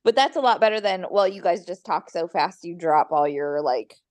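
A woman's voice: lowish voice, normal speed, darkish tone. A Californian woman co-hosting a podcast, chatting casually and telling anecdotes with easy laughter. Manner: chatty storyteller, laughs easily. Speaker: podcast co-host. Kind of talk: casual chat.

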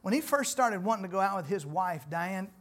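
A man, preaching a sermon in church in a folksy, conversational way that swells louder on emphatic points. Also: high-pitched, expressive, brisk. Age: 40s. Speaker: pastor.

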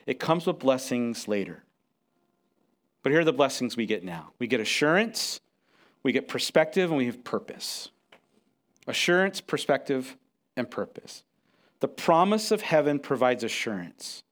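Animated middle-aged pastor preaching. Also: male voice, mid-range voice, normal speed. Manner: animated storytelling, acts out quotes; restarts and repeats words. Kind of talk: sermon.

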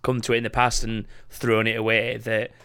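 A man's voice: on the low side, monotone, normal speed, sharp tone, clear, resonant tone. A British man co-hosting a casual motorsport podcast, telling anecdotes and teasing his co-hosts. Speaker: podcast co-host.

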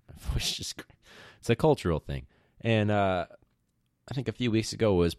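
A young man talks through his own podcast in a relaxed, rambling way, dropping slang and swearing as he jokes about his students. His voice sits very low. The sound is close and dry, with no room around it. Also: normal speed, no room sound. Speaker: teacher and podcast host. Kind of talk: casual solo podcast chat.

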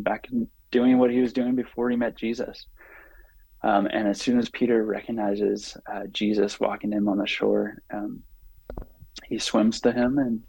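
A low, gravelly man speaks earnestly as a podcast guest. He pauses often and fills the gaps with ums. His voice stays husky and flat, close and dry on the mic. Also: no echo, low-quality recording. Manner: earnest, halting, with frequent fillers and restarts. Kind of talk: reflective conversational storytelling.

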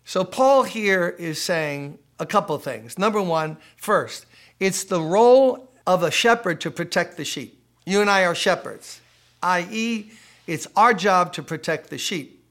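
A man preaching a sermon for a podcast aimed at church leaders, his voice sitting slightly high for a man. He drives points home by repeating phrases and tossing out rhetorical questions in a conversational, emphatic way. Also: animated, unhurried, fairly bright tone. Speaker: pastor.

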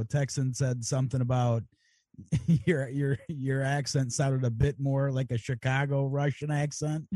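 A man's voice: medium pitch, warm tone, dry recording. A man co-hosting a casual political livestream, reading out viewer comments and chatting in a laid-back way with casual swearing. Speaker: podcast co-host.

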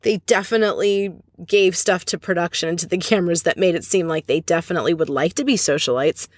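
A woman's voice: on the low side, no room sound. Chatty woman recapping, dry close sound. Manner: chatty, opinionated, retells scenes with quick asides. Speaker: podcast host recapping a reality show. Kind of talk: casual recap commentary.

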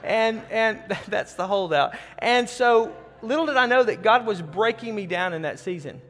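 A man's voice: high voice, normal speed, fairly bright tone, long reverb tail. A middle-aged man preaching, telling a personal story in an earnest way and often repeating words as he starts a phrase. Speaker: pastor. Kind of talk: sermon storytelling.

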